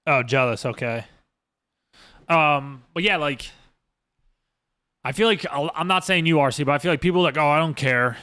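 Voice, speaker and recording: A man's voice: a little high, normal speed, long pauses, sharp tone, no room sound, studio quality. A man hosting a casual podcast monologue as a streamer, rambling and emphatic with lots of swearing. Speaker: streamer host.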